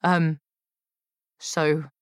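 A woman's voice: low-pitched, flat delivery, very slow, clean tone, no echo, clean studio sound. A woman voicing an awkward, sulky young man who grumbles under his breath. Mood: grumbling.

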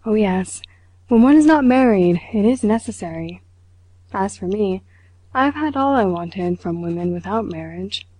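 A woman's voice: medium pitch, lively intonation, normal speed, dark tone, close to an everyday voice, rough recording. A woman voicing a pompous, boastful middle-aged male official who lectures self-importantly.

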